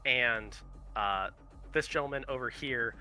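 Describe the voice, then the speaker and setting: A man's voice: mid-range voice, a little slow, bright, forceful tone, faint music behind. A man running a tabletop game as game master, casual and swearing, often laughing.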